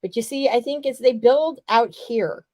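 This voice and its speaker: A woman's voice: a little high, normal speed, warm tone, dry recording. A woman from the US West Coast co-hosting a casual wrestling podcast, emphatic, profane and fired-up. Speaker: podcast co-host.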